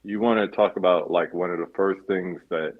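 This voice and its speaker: Husky low-voiced New man hosting. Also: steady tone, moderate pace, phone-quality sound. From New York. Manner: chatty, laughs often. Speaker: podcast host. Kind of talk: casual video-call interview.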